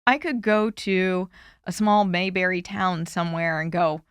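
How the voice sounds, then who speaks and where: A woman in her forties, a candidate speaking earnestly and heartfelt in a podcast interview, often pausing with "you know". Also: lowish voice, smooth, dry recording, studio quality. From Florida. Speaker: congressional candidate guest.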